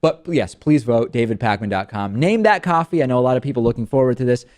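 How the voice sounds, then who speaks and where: Male host, mid pitch, wry and lively studio banter. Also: fast. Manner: wry and animated. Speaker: show host. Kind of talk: talk show banter.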